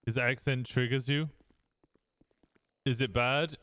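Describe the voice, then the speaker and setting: A man's voice: medium pitch, fairly even intonation, slow pace, fairly bright tone, no echo. An English man streaming a role-play game, chatting casually and self-deprecatingly with his viewers in his own accent. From England.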